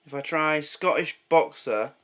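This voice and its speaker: An English man hosting a reaction video, talking casually and excitably as he thinks out loud. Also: a little high, smooth. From England. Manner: excitable, thinks aloud, quick laughs.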